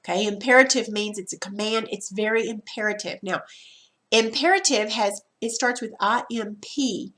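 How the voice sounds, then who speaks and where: Woman, teacher, recorded grammar lesson, casual, talks straight to students, restarts sentences, mid pitch. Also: moderate pace, a bit bright. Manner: repeats and restarts while explaining.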